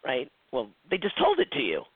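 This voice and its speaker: A man's voice: mid-range voice, huge pitch swings, brisk, slightly rough, no room sound. A man teaching a psychic development class in a chatty lecture style, acting out quoted dialogue and often restarting his sentences. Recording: tinny phone-like lo-fi, dry.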